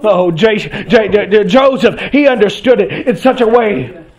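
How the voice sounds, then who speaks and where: A male preacher delivering an impassioned sermon in a church, swinging from shouted peaks down to hushed, drawn-out phrases. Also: high voice, dull audio.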